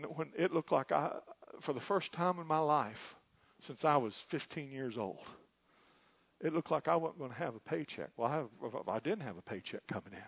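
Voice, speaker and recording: Middle-aged male pastor, fervent sermon, fairly high voice, dry and muffled recording. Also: gravelly, breathy edge, dry recording. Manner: fervent preaching, swinging from loud cries to hushed tones.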